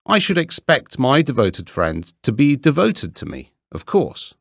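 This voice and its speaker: A man's voice: medium pitch, wildly swooping pitch, a little slow, vocal fry, no echo, clean studio sound, pitched above the performer's own voice, exaggerated voice. A man voicing a pompous, self-important old male water rat in a storybook reading.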